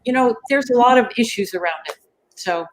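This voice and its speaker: A woman's voice: on the high side, brisk, poor audio. A woman speaking as a panelist, talking in a conversational way with many fillers. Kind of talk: panel discussion.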